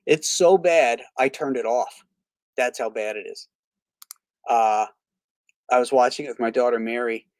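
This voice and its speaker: A man's voice: mid-range voice, a little slow, long pauses, dry recording. A man from Florida hosting a casual live stream, rambling with many fillers and restarts, blunt about what he dislikes. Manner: blunt and opinionated. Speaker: host of a live movie stream; reads viewer comments aloud.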